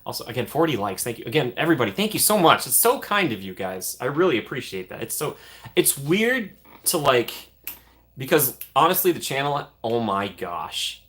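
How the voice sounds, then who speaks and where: A man's voice: mid-range voice, sing-song, fairly bright tone. A man hosting a casual livestream, reading out donations and thanking viewers over and over with frequent laughs. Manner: grateful, reads out donations with quick repeated thanks and laughs. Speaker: livestream host.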